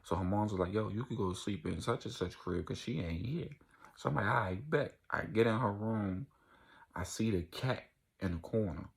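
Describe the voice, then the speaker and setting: Gravelly young man telling a wild story. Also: lowish voice, normal speed. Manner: animated storytelling, acting out quoted voices. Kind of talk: casual storytime vlog.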